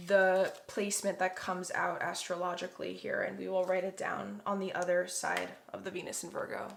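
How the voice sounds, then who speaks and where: A woman's voice: mid-range voice, vocal fry, slight background noise. A young woman giving a pick-a-card tarot reading to viewers, emotional and effusive, often exclaiming over the cards. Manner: gushing, emotional, addresses viewers as guys.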